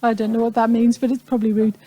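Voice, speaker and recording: A woman in her fifties from the Falkland Islands, telling a live audience about her wartime childhood in a reflective, pausing way with touches of humor. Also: fairly high pitch, little pitch movement, warm tone, low-quality recording. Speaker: speaker recounting a wartime childhood. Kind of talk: personal talk to an audience.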